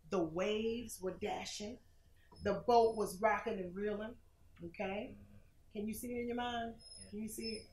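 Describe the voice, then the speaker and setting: A woman minister preaching on a TV broadcast, dramatic and questioning, swinging between loud and soft. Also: mid-range voice, echoey room, slight background noise. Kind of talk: preaching sermon with call-and-response.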